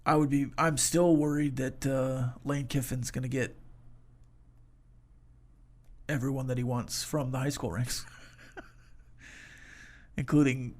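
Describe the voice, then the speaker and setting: A man's voice: mid-range voice, fairly even intonation, unhurried, a little mellow. A man with a West Texas accent co-hosting a sports talk show, chatting casually and drawing out his phrases. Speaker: sports radio co-host.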